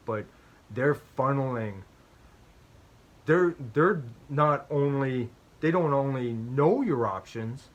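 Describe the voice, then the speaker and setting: A man hosting a strategy game channel, explaining play in a chatty, self-deprecating way with personal stories, often ending his points with "right?" and repeating phrases for emphasis. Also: mid-range voice.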